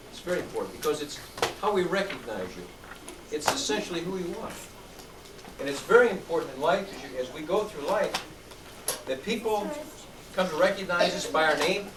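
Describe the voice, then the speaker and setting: A middle-aged man leading a youth class, upbeat and encouraging as he calls on students. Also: fairly high pitch. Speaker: youth program instructor. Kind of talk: classroom coaching. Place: large room with student tables. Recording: echoey room recorded from far, noisy.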